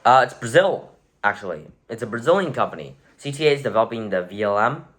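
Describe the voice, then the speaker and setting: A man's voice: medium pitch, animated, quick pace, a bit bright. A man giving casual, rambling commentary as a vlogger, with wry sarcastic asides and frequent self-corrections. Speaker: vlogger rating rockets. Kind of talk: casual tier-list commentary.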